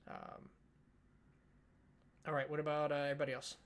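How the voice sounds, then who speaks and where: A man's voice: on the high side, monotone, moderate pace. A man narrating a tabletop game as game master, casual with many fillers.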